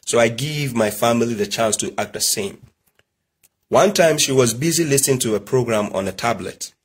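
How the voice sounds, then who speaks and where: Here the same kind of preachy monologue comes from a middle-aged religious commentator from Nigeria, whose mid-range voice is slightly rough and moves at normal speed. He lectures emphatically, firing off rhetorical questions and sharing family stories.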